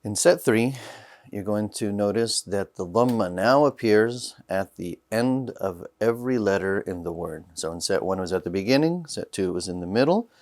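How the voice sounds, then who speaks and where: A man teaching a recorded beginners' language lesson, calmly saying each practice word three times with careful, deliberate pronunciation and short explanations. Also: deep voice. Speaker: Arabic teacher.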